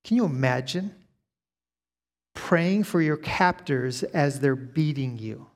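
A man preaching a sermon, moving from measured teaching to loud, rising emphasis. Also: fairly high pitch, expressive. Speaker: pastor.

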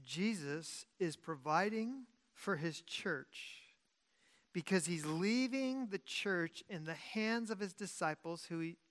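A pastor preaching a sermon in a conversational way, often restarting and correcting himself, and moving between loud emphasis and quiet asides. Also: medium pitch, animated, slow pace.

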